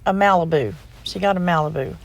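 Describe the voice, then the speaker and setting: A woman's voice: on the low side, brisk, gravelly. A middle-aged woman chatting in a casual, folksy voice-over, rambling and heartfelt as she tells a family story. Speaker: crafting vlogger.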